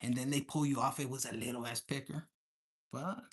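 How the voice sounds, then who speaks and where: A man's voice: medium pitch, fairly even intonation, a little fast, husky. A man giving a casual tarot reading for viewers, talking in a crude, profane, joking way and mixing in Spanish slang. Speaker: tarot reader.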